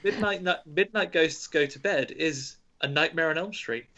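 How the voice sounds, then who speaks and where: A man with a bright, forceful voice hosts a horror quiz podcast, reading clues with playful teasing. The sound is dull and lo-fi, like home podcast audio. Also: on the high side, normal speed, slight background noise. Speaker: quizmaster.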